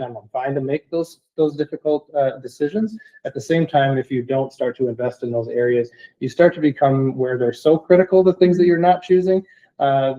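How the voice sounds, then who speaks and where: Male tech staffer, mellow tone, measured explanation at a board meeting, lo-fi recording. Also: medium pitch. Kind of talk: answering board questions.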